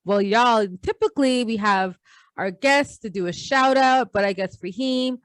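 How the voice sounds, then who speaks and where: A woman co-hosting a sports podcast in casual, animated chat, slangy and quick to laugh. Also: a little high, no room sound. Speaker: podcast co-host.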